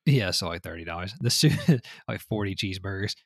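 A man's voice: low voice, expressive, brisk, vocal fry, dry recording, studio quality. A man co-hosting a casual news podcast, reading items out and joking with plenty of swearing and laughter. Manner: profane, laughs often, reads news items then jokes.

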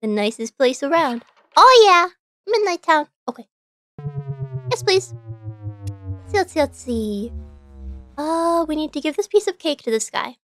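A bubbly VTuber streams a video game, chatting and playfully voicing the in-game characters as she reads their dialogue aloud. Her high-pitched voice is very animated and a bit bright, running a little slow with frequent pauses. Faint game music and slight background noise sit behind her.

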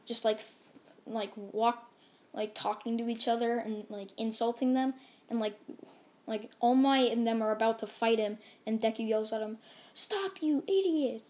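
A woman's voice: fairly high pitch, little pitch movement, normal speed, darkish tone. A woman casually narrating a fan-made story, rambling and full of fillers.

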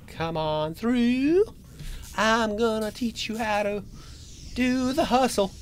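A man playing a horror game for his channel, joking and taunting the monster he's hiding from, with sudden yells and laughs. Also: high voice, slow pace, a little hiss or hum. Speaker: gaming channel host. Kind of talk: let's play commentary.

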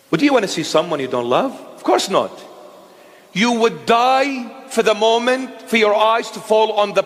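A man delivers a sermon in a church, his fairly high voice carrying through a long reverb. He speaks slowly and emphatically, firing questions and answering them himself. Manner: call-and-response questioning, emphatic. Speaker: preacher. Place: church hall.

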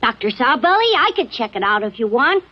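A woman's voice: on the high side, sing-song, brisk, husky. A woman voicing a brave, eager boy robot hero in an old cartoon dub. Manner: plucky, eager. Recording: dull old dub with music.

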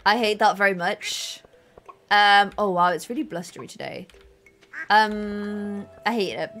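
A young woman chatting casually and excitedly while playing a co-op farming game with friends. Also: mid-range voice, measured pace, soft background music. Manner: bubbly, excitable, giggly. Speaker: gaming streamer. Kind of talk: casual co-op gameplay chat.

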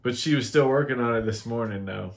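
A man's voice: mid-range voice, a little fast, creaky. American man, podcast guest, laid-back banter, pokes fun at himself. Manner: joking, self-deprecating. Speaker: guest, host's husband. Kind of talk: casual chat.

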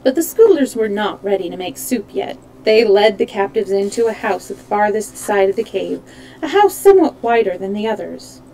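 Mellow-voiced woman reading a storybook aloud. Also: mid-range voice, moderate pace, slight background noise, rough recording. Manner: steady reading with small slips and self-corrections. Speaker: storytime host. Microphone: streaming mic.

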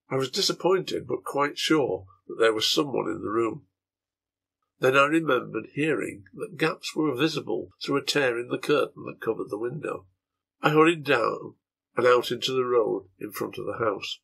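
A man reading his own translation of a serialized novel aloud in a measured storytelling manner. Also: mid-range voice, vocal fry, a bit bright, husky.

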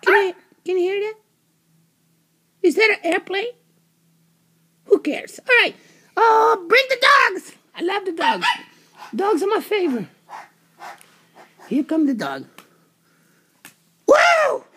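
A woman giving playful, rambling commentary as a pretend reporter, often bursting into excited shouts. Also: extremely high pitch, a little slow, long pauses. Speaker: pretend reporter presenting a parade of animals. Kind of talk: playful home-video commentary.

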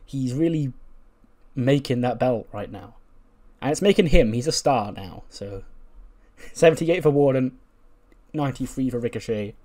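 This is a man talking casually through a wrestling management game run. His voice sits in an ordinary middle pitch, and he chats along, now and then slipping into quick voices for the wrestlers. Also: expressive, warm tone. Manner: chatty, acts out characters' lines in quick voices and laughs. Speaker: gaming YouTuber. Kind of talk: casual commentary over a wrestling sim playthrough.

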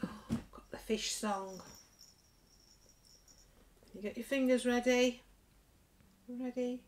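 A woman leading a nursery rhyme session for little children, gentle and encouraging with a sing-song way of talking. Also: on the high side, steady tone, takes it slowly, long pauses. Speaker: toddler group leader.

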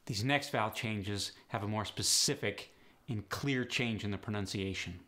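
A man working as an accent coach, briskly explaining pronunciation changes in a matter-of-fact instructional style. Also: lowish voice, sharp tone.

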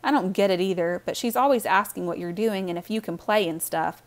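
A woman's voice: mid-range voice, fairly quick, close to an everyday voice. A woman voicing an earnest, sincere young girl in a storybook reading.

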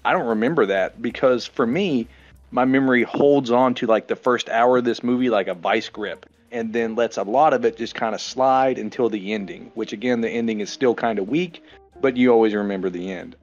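A man co-hosting a casual movie-review podcast, an animated storyteller who swears freely. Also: mid-range voice, a little fast, dull audio, soft background music. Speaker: podcast co-host. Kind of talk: casual movie-review chat over beer.

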